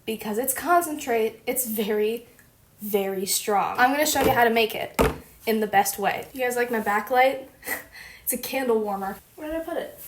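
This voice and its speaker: A young woman with a slightly high voice hosts a casual home how-to vlog, talking at normal speed in a chatty, playful way, gushing and joking throughout. A faint hiss lies beneath the recording.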